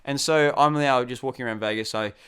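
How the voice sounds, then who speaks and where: A young Australian man telling a casual anecdote, acting out the quotes in a lively way. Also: medium pitch, brisk, clean tone. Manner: animated, acts out quotes. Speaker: storyteller guest.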